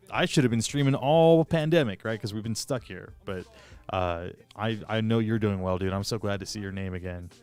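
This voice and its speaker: An adult streamer and hobby modder with a smooth, lowish voice chats casually on a live stream. He rambles, pokes fun at himself, uses plenty of fillers, and greets viewers along the way.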